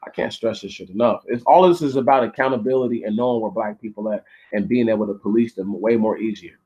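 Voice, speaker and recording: A man hosting his channel, reading a history text aloud haltingly with restarts and stopping often to comment bluntly, with plenty of swearing. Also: lowish voice, warm tone, muffled recording. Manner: blunt and profane, stops often to rant. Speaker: channel host.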